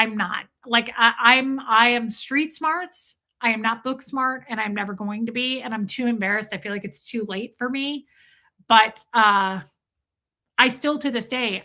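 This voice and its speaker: Livestream host, woman, higher bright voice, candid and self-deprecating, fields chat questions. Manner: candid, chatty, self-deprecating, thanks viewers by name. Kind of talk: casual livestream Q&A, reading and answering chat.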